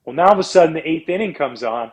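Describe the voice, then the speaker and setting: Middle-aged man from Canada, guest storyteller, casual and animated, jumps into high-pitched impressions. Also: rapid-fire, low-quality recording.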